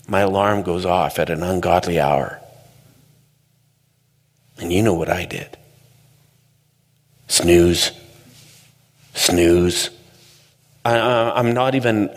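A man telling a story in a conversational, animated way during a talk. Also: deep voice, vocal fry. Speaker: speaker. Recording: long hall reverb.

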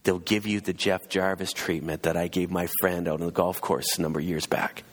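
A pastor preaches a sermon built around a personal story, acting out the voices of the people in it. His voice sits low, with little pitch movement and a slightly fast pace, and a long hall reverb surrounds it.

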